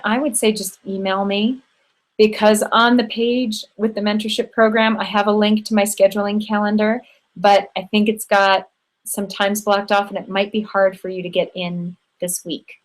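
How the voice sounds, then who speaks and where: A woman's voice: mid-range voice, fairly even intonation, unhurried, poor audio. Middle-aged woman, host of an online women's circle, affectionate and encouraging, computer mic. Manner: affectionate, encouraging, with frequent ums. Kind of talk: warm closing remarks to a live online group.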